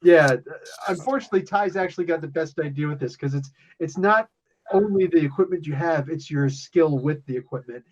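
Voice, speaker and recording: A man's voice: fairly high pitch, fairly quick, muffled recording. A man narrating as game master of a tabletop game, joking and laughing often.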